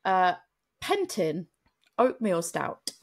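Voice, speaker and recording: A woman's voice: fairly low pitch, big pitch swings, extremely slow. Laid-back British woman, casual swearing. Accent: British English. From United Kingdom. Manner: swears casually, laughs at herself. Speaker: podcast co-host. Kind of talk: casual chat.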